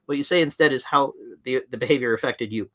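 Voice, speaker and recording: Guy with a bright voice running a live webinar, plain-spoken and direct. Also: medium pitch, fast talker. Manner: frank, direct. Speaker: livestream presenter on management.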